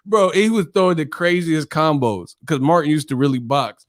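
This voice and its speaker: A male channel host chatting loosely on a live stream. His voice sits a bit high, and he retells funny scenes with lots of laughter and energy. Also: normal speed. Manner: animated, laughing storyteller. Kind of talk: casual live-stream chat.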